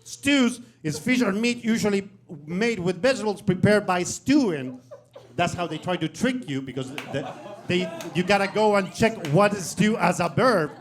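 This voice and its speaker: A man performing a stand-up comedy set on stage, with animated, mock-outraged rants and quick asides. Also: sits high. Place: comedy stage before a live audience. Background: audience laughter.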